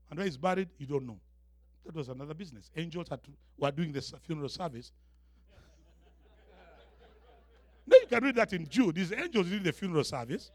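A man's voice: high voice, animated, normal speed, long pauses, dry recording. A male preacher delivering a dramatic sermon, acting out scenes and calling to the congregation for response.

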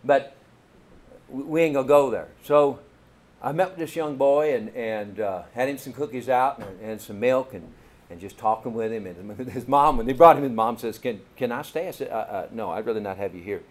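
A middle-aged man with a Kentucky accent, a pastor telling a story in a folksy, animated sermon and calling out to the congregation. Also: medium pitch, normal speed.

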